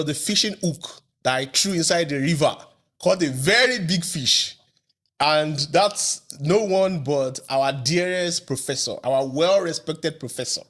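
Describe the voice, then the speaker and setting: A man's voice: a little high, a bit bright. A man hosting a podcast in a studio, chatting casually in a playful, rambling way with many restarts. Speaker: podcast host. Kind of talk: casual interview chat.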